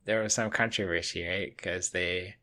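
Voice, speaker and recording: A man's voice: low-pitched, fairly even intonation, moderate pace, bright, forceful tone. A man co-hosting a casual anime podcast, laid-back with short replies and dry humor. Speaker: podcast co-host. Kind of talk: casual chat about anime.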